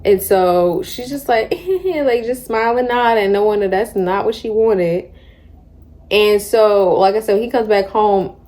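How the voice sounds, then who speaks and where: Mellow-voiced young woman chatting about books. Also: mid-range voice, unhurried. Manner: chatty, slangy, animated retelling. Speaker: book vlogger. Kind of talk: casual book discussion.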